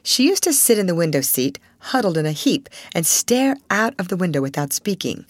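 A woman narrating a classic novel aloud with an expressive storytelling cadence. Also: on the low side, brisk, no echo. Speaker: audiobook narrator.

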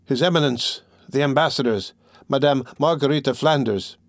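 A man's voice: mid-range voice, moderate pace, dry recording, natural voice. A man voicing a jittery costumed stage actor in a storybook, stammering and scared of the crowd in front of him. His voice rises in nervous appeals, recorded dry and close. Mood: flustered. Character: frightened actor playing Jupiter, a stammering man.

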